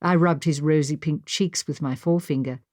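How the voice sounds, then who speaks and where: A woman narrating a historical novel in the first person, with expressive storytelling. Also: sits low, normal speed, no echo, clean studio sound. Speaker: audiobook narrator. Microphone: studio microphone.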